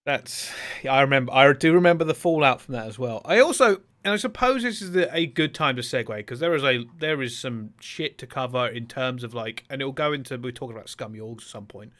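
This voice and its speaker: A man hosting a casual podcast, animated and quick to chime in. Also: medium pitch. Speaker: podcast host.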